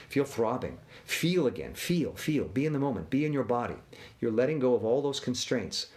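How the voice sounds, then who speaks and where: A man guiding a body relaxation exercise with slow countdowns, then talking loosely about tension and calm with some restarts. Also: fairly low pitch. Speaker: relaxation guide. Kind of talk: guided relaxation and talk.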